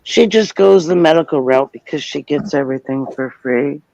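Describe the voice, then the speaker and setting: A man's voice: on the high side, creaky, a little mellow, no room sound. A man in casual chat, speaking hesitantly. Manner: slow, hesitant. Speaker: participant in a group chat. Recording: dull dry lo-fi audio.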